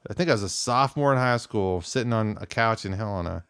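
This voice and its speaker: A man's voice: on the low side, fast talker, fairly bright tone, clear, resonant tone. A man in his thirties co-hosting a podcast, chatting casually with dry jokes and rambling asides. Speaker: podcast co-host. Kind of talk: casual chat.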